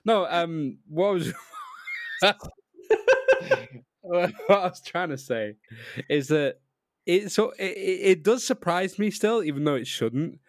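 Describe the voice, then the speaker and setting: A man's voice: high voice, expressive, slow, long pauses, no room sound, studio quality. A young man co-hosting a podcast, rambling casually over an online call with plenty of "like" and easy laughter. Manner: rambling, lots of "like", laughs easily. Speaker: podcast co-host. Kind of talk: casual chat.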